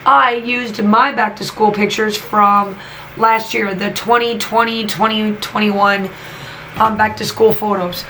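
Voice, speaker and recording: A woman's voice: mid-range voice, steady tone, slow pace, pushed and bright, slight background noise, low-quality recording. A woman, chatting enthusiastically while she crafts and talks to her channel, with many fillers. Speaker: craft YouTuber and teacher. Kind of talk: casual crafting vlog voice-over.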